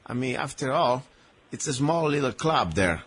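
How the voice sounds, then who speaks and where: A man hosting a radio talk show, an English speaker who talks in an animated, opinionated way with loose phrasing. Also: medium pitch, normal speed, slight background noise. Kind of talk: radio interview.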